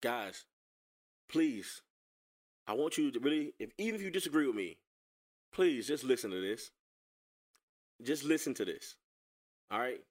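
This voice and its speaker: A man giving casual reaction commentary on a video clip, sarcastic and animated, often repeating himself as he talks to viewers. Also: medium pitch, a little slow, long pauses.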